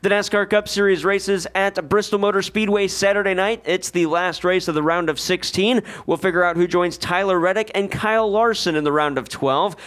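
Male radio sports reporter, bright higher voice, scripted read. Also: steady tone, normal speed, hardly any pauses. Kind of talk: scripted sports news reading.

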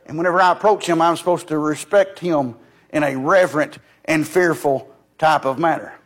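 Folksy preacher man with emphatic swings. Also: normal speed. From United States. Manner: folksy, storytelling with repeated "he said"; swings from loud emphatic peaks to low quiet asides. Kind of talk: sermon.

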